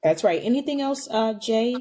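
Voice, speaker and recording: A woman's voice: fairly high pitch, normal speed. A woman hosting a live call-in podcast, chatting casually and addressing her listeners directly. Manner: animated, talks directly to listeners. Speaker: podcast host taking calls.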